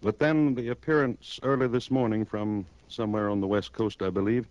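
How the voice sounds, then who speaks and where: An actor playing a cold, curt male judge in a 1950s radio drama, commanding and quick to cut others off. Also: fairly low pitch, fairly even intonation, darkish tone, highs cut off, close to an everyday voice. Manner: clipped, commanding, cuts others off.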